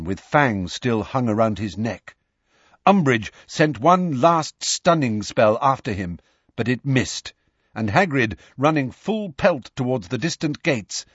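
Husky, expressive male audiobook narrator. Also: medium pitch, no room sound. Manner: measured, expressive reading. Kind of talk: scripted narration. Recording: dull, slightly lo-fi studio recording.

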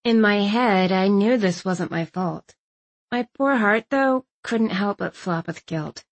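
A woman's voice: medium pitch, slow. Woman narrating a wry audiobook. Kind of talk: first-person scripted narration.

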